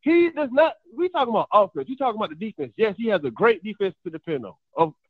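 A man calls in to a sports show over a tinny phone line. His voice is high and swings up and down a lot as he argues insistently. He keeps pushing to finish his point. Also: expressive, quick pace, dry recording. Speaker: caller. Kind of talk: heated sports debate on a call-in line.

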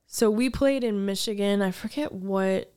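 A woman's voice: mid-range voice, normal speed, mellow, clear, resonant tone. A middle-aged woman musician chatting casually and telling a long story, with many restarts and gasps. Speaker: podcast guest, musician. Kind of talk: casual chat.

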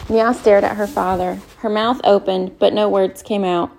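A woman narrates a novel in a calm, measured way. Her voice is mellow and dark, with a gravelly edge of fry. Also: medium pitch. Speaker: audiobook narrator. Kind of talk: scripted narration.

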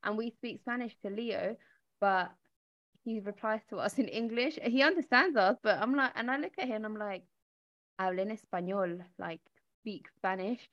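A woman in casual chat, telling stories in an animated way. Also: fairly high pitch, normal speed, muffled recording.

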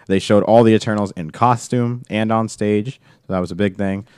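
A man's voice: fairly low pitch, fairly even intonation, normal speed, darkish tone, clean tone, no room sound. A man hosting a casual chat, rambling and filling his talk with "like". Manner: rambling, fills speech with "like".

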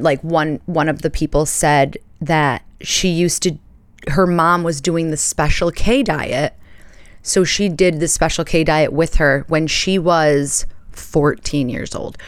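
Chatty woman podcast host, smooth voice. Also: low voice, no echo. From United States. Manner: chatty storytelling with playful voiced asides. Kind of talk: casual chat.

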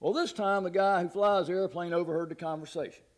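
A man preaching with a folksy, storytelling manner, moving easily from joke to scripture. His speaking voice sits a little high for a man. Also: steady tone, fast talker. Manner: folksy, laughs at his own jokes. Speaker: pastor. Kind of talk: sermon with a humorous story.

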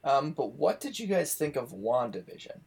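A man's voice: on the high side, lively intonation, normal speed, gravelly, a little mellow, husky. A man hosting a casual podcast chat, talking enthusiastically and rambling with lots of asides. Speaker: podcast host.

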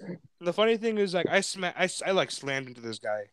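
A man's voice: high-pitched, very animated, fast, a bit bright. A man in his twenties hosting a podcast, telling a rambling story in casual chat, swearing often and filling with "like". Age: 20s. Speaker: podcast host.

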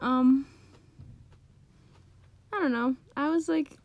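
A teenage girl, the daughter co-hosting a podcast, chats casually in a high-pitched voice, taking it slowly. She's bubbly, full of "like" and playful slang, and crowd noise is audible.

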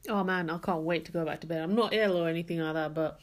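A woman's voice: on the low side, steady tone, fast talker. Young woman podcast co-host, chatty. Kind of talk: casual chat.

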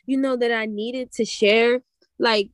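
A young woman earnestly recounting a vision in halting, repetitive casual speech. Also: on the high side, steady tone, no echo. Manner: earnest, halting, repeats herself. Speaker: guest sharing a vision. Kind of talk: casual testimony.

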